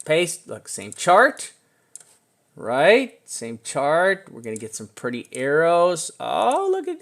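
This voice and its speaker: A chatty man walks through trading charts with loose, excitable energy. He talks at mid pitch and fires off asides to the chart as he goes. Now and then he drops a casual swear. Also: creaky. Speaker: crypto chart analyst. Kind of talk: casual screen-share chart walkthrough.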